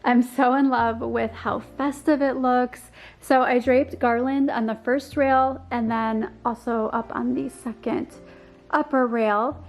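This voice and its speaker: A woman's voice: on the high side, steady tone, slow pace. A woman narrating a casual home decor tour, gushing and enthusiastic, with frequent ums and likes and a slightly worn voice. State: slightly losing her voice.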